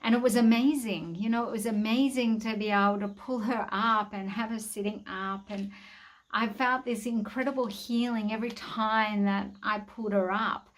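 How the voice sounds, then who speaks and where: A woman's voice: medium pitch, fairly even intonation, moderate pace. A woman sharing an emotional personal testimony about her farm, speaking earnestly with many restarts. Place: outdoors in a farm paddock.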